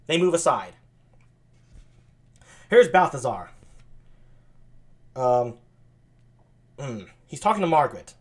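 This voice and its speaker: A man's voice: medium pitch, sing-song, takes it slowly, pauses often. A man reading a play aloud on a live stream, chatty, self-deprecating and full of hesitations.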